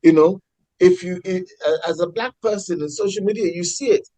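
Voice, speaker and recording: Man, fairly high voice, dry close sound, passionate, halting restarts. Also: lively intonation, dark tone, dry recording, low-quality recording. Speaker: podcast co-host. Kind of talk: casual political discussion.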